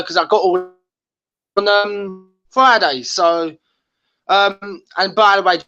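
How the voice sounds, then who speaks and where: A man's voice: fairly high pitch, sharp tone, lo-fi sound. A man calling into a fan show, ranting casually with lots of stumbles and restarts, over call audio. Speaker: caller.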